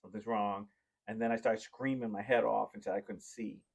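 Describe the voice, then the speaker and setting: A podcast host chats casually, rambling through heartfelt stories about being a parent. His voice is fairly low, steady, gravelly and husky, and he speaks briskly.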